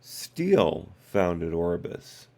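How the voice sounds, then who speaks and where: A man's voice: low-pitched, big pitch swings, very slow, gravelly, a little mellow. A man hosting a live stream, reading documents aloud and breaking off for wry asides and corrections to his chat.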